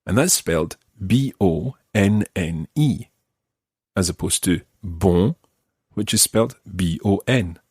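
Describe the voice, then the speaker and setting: Low husky Scottish man teaching. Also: lively intonation, darkish tone, no room sound, clean studio sound. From Scotland. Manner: patient, slow careful modelling of words. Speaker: language teacher. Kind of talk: podcast language lesson.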